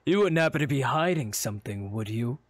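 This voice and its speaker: A man voicing a suspicious young guard in a low, forced gruff voice, stern and formal. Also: animated, brisk, dry recording, close to an everyday voice.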